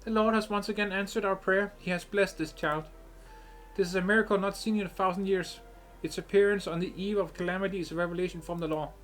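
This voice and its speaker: Solemn veiled matriarch priestess, read by a man, measured and reverent, for a game playthrough. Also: high voice, steady tone, a bit bright, faint music behind, voice pushed up. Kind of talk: reading game dialogue aloud.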